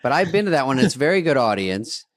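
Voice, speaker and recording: A man's voice: medium pitch, very animated, fast, dry recording. A man co-hosting a comedy podcast in casual chat, telling stories in a wry, dry way with mocking asides.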